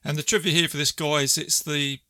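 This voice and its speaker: Chatty man with a bright voice. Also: a little high, flat delivery, a little fast, no room sound, clean studio sound. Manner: chatty storyteller, quoting lines and laughing. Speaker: podcast co-host. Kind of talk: casual movie recap chat.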